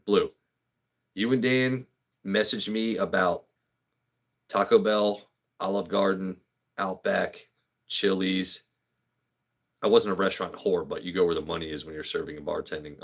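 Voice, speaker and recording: Low-pitched and gravelly, this livestream host talks at a normal speed with fairly even intonation and long pauses. His chat is loose and rambling, full of profanity and jokes aimed at viewers he calls out by name.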